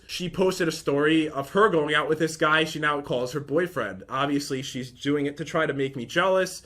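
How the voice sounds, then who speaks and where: A man's voice: fairly high pitch, lively intonation, normal speed, hardly any pauses, a bit bright. A young man in casual commentary, rambling and aggrieved as he reads out and picks apart messages from an ex. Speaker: vlogger.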